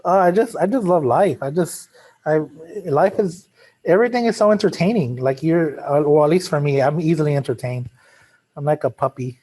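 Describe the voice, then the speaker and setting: A man's voice: fairly high pitch, moderate pace, a little mellow, husky. A male math teacher giving a classroom lecture in a casual, joking way, drifting into chatty asides.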